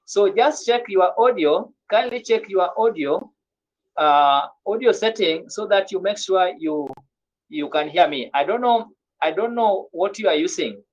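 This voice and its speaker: A woman leads an online French grammar class in a mid-range, slightly mellow voice, unhurried and with lively intonation. She tends to repeat and restart her words, heard through dull lo-fi video call audio.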